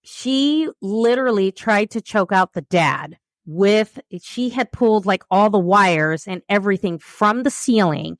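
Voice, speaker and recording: Woman host, casual storyteller, lively and chatty, mid pitch, dry close sound. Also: a little slow, hardly any pauses, no room sound. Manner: animated, chatty, frequent fillers and asides. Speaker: podcast host, CT technologist.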